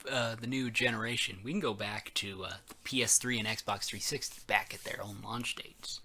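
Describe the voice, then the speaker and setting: A man's voice: fairly low pitch, steady tone, normal speed, sharp tone. A man co-hosting a casual gaming podcast, rambling loosely and reading bits of an article aloud. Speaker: podcast co-host.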